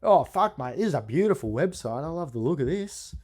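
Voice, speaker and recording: A man puts on a gruff business owner who picks up the phone sounding raised and strained, higher than a normal speaking voice. He is slangy and quick to brush people off, and talks in short, clipped bursts. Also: sing-song, darkish tone, no echo. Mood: impressed. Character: blunt impatient male business owner on the phone.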